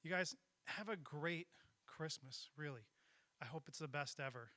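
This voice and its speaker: Man, youth group host, out of breath, excited, bright sharp tone, casual welcome. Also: a little high, normal speed. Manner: excited, upbeat.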